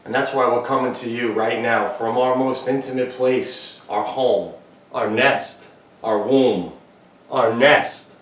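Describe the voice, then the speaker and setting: A man's voice: medium pitch, steady tone, slow, reverberant, distant mic, natural voice, low-quality recording. A man playing a smug, bossy male twin who teases his brother in a theatrical, mock-tender way.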